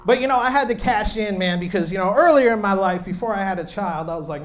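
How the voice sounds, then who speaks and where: A man in his late thirties doing a loud, brash, crude stand-up set on a comedy club stage, talking into a handheld mic. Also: high voice, expressive, quick pace. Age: late 30s.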